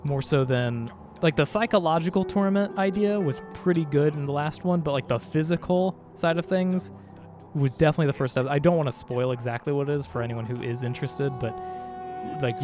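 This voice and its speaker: A man streaming a video game, chatting casually and joking with his viewers while he plays. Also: mid-range voice. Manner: chatty, jokey, reads game dialogue aloud. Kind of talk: casual gameplay chat. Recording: faint game music behind.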